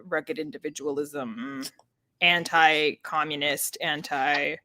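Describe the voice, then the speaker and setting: A woman's voice: low voice, steady tone, slow pace, bright, forceful tone, no room sound. A woman co-hosting a casual live book discussion, rambling with many fillers. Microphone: home streaming setup.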